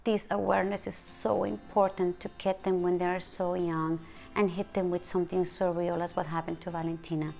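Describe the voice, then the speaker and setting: A middle-aged woman speaking as a bereaved mother in an emotional personal interview, halting and soft, with hushed quoted speech. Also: on the low side, flat delivery, vocal fry, faint music behind.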